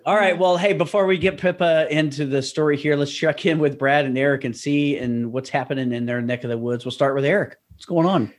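A man's voice: medium pitch, a little fast, few pauses. A man with an Oklahoma accent co-hosting a podcast, chatting casually and rambling through long stories. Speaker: podcast co-host. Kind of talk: casual chat.

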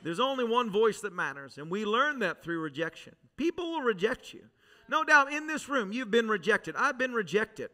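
Bright, high-voiced preacher telling his testimony. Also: sing-song, moderate pace. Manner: dramatic testimony storytelling, swinging between loud urgency and hushed intensity. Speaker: pastor. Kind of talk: sermon. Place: church service with a congregation.

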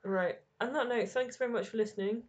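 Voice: medium pitch, brisk, muffled recording. A podcast co-host in casual chat, teasing and dry, often laughing at their own jokes.

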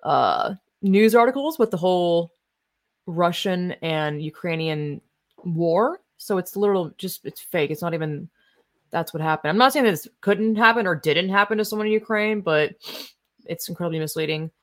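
A woman with a somewhat low-pitched voice talks through articles and posts in casual reaction commentary. Her delivery is blunt and sarcastic, with plenty of profanity. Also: expressive, normal speed. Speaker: political commentary host.

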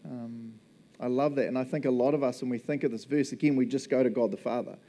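A man preaching in a relaxed, conversational way, cracking jokes and laughing as he goes. His voice is mellow and warm, sitting at an ordinary middle pitch. He slips into playful little voices for the people in his stories. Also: fast. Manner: chatty and jokey, laughs often, acts out little quoted voices. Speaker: pastor. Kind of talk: casual conversational sermon.

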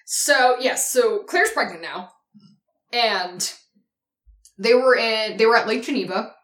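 A woman's voice: a little high, expressive, takes it slowly, fairly bright tone. A woman co-hosting a podcast, telling a history story in a loose, casual way, swearing often and laughing easily. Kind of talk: casual chat. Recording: echoey room.

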